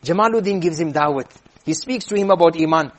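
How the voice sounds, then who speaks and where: A man preaching, telling a story in an animated way and acting out the characters. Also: on the high side, fast. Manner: animated storyteller, acts out voices. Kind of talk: sermon storytelling.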